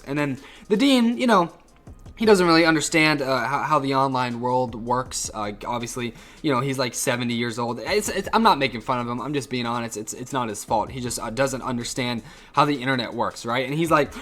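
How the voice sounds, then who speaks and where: Fast-talking teen guy telling a story. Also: mid-range voice, fairly bright tone. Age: teens. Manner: rambling, profane, restarts often. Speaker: YouTuber and high school student. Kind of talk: casual storytime vlog.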